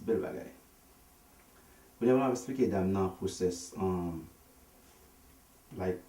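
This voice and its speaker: A man telling a comic story in a low-key, chuckling way. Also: warm tone, slight background noise. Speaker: comedian. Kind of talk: stand-up storytelling, switching languages. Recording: echoey room, voice from far off.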